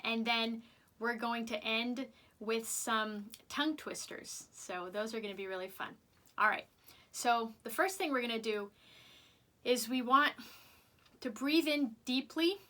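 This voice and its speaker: A music teacher leads kids through vocal warm-ups, upbeat and patient as she demonstrates each exercise aloud. Her very bright voice sits a little high, and she speaks slowly so every instruction has time to land.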